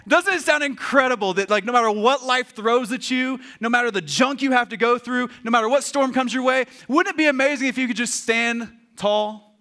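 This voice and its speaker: A man's voice: very high voice, brisk. A man preaching a sermon as pastor, joking and acting out quotes with lots of energy. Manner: animated, joking, acts out quotes. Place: church.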